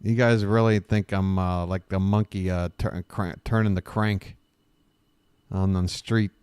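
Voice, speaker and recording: A male live-stream host who talks slowly in a smooth, clear voice. He rambles and jokes sarcastically, cutting himself off mid-thought. The sound is dry and close. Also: sits low, fairly even intonation, a little mellow, no echo. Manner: joking, sarcastic riffing; rambling, self-interrupting. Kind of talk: casual live-stream commentary.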